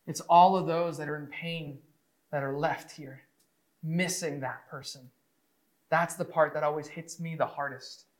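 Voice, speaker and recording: Man, Bible storyteller, high voice, emotive, conversational, hushed to excited. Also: unhurried, low-quality recording. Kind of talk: animated Bible story retelling.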